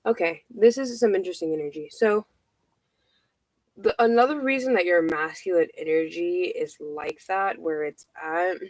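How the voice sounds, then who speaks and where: A woman giving a casual tarot reading, out of breath, halting and repeating herself with many fillers. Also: fairly low pitch, no room sound, rough recording. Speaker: tarot reader.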